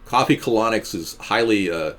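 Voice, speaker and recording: A man hosting a live stream, talking to his viewers in a sarcastic, ranting, jokey way and swooping between high and low voices. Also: lively intonation, moderate pace, fairly bright tone.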